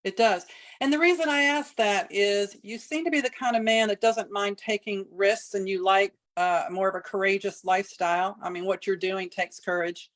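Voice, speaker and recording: An interviewer asking long, winding questions that build up slowly before the point. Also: medium pitch, steady tone, fairly bright tone.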